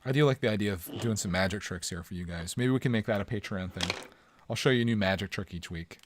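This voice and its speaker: A man's voice: fairly low pitch, fast talker, noisy background. A man hosting a casual live stream from home, joking around and chatting with his viewers.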